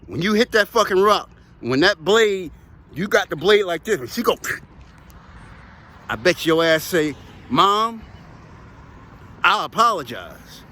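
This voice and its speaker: A man's voice: sits high, animated, a little slow, long pauses, fairly bright tone. A man who operates heavy equipment, telling profane, emphatic, rambling stories about the job in casual talk outdoors near traffic. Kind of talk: casual storytelling to camera.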